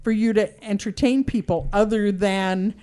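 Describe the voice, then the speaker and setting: A woman's voice: medium pitch, steady tone, measured pace, dark tone, smooth. Give me a frank woman chatting on a podcast panel. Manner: frank, trails off and restarts, swears casually. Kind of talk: casual chat.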